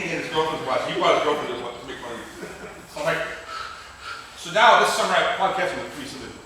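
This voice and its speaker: Bright-voiced man rambling in an echoey gym. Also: on the high side, animated, quick pace, slight background noise. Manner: rambling, profane, laughs often. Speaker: grappling instructor. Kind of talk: storytelling while teaching technique. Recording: very echoey gym, mic far off.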